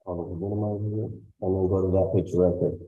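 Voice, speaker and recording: With a low-pitched voice and a fairly quick pace, a guest speaker performs stories for school staff in a school auditorium. He acts out the people in his tales with lively voices, and the audio comes through narrow and tinny.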